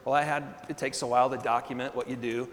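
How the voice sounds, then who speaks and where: A man preaching a sermon, telling a story with animated energy, laughing often and calling for responses from the congregation. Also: mid-range voice, fast, slight background noise. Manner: laughs often between phrases. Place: church hall. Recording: long hall reverb.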